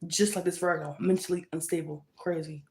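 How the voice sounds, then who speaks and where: A woman's voice: fairly low pitch, fairly even intonation, brisk, a little mellow, roomy sound, low-quality recording. A woman giving a fiery, confrontational tarot reading, repeating herself for emphasis. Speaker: tarot reader.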